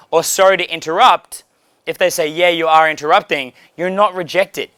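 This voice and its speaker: A man's voice: sits high, normal speed, bright, forceful tone, smooth, dry recording. A man giving casual, blunt, profane coaching on approaching women, laughing now and then. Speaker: dating coach.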